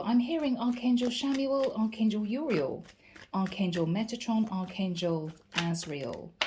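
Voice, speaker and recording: A woman's voice: mid-range voice, a little mellow, a little hiss or hum. Chatty woman reading tarot. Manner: chatty, reassuring, acts out little quoted grumbles. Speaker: tarot reader. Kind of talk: channeled tarot reading to camera.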